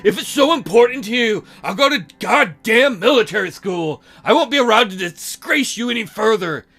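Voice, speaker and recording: A man's voice: high-pitched, animated, normal speed, fairly bright tone, soft background music, exaggerated voice. A man voicing a sulky, upset teenage son who talks back defensively. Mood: bitter.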